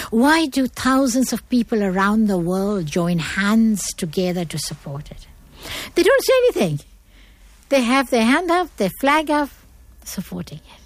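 A woman's voice: mid-range voice, no room sound. Emphatic, lecturing woman. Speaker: guest speaker. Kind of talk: motivational talk on manners.

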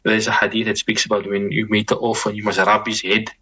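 A man, speaking as a Muslim scholar guest in a reflective conversation, measured and repeating words as he thinks. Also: on the low side, level tone, sharp tone, low-quality recording.

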